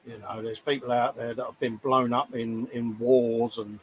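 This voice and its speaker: A talkative man chatting in a relaxed, jokey way at his workbench, teasing himself and slipping into quick mock voices. His voice sits at an ordinary middle pitch, with a faint hiss behind it. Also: poor audio. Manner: chatty, jokey, self-mocking, breaks into quoted voices. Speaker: co-host of a model-building livestream. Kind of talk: casual chat.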